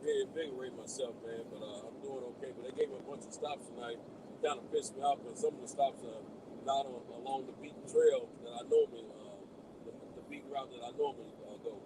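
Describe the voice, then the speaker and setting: Tired Southern caller driving, noisy line. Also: male voice, mid-range voice, fast. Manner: hesitant, many fillers. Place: in a car, driving. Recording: noisy call from a moving car.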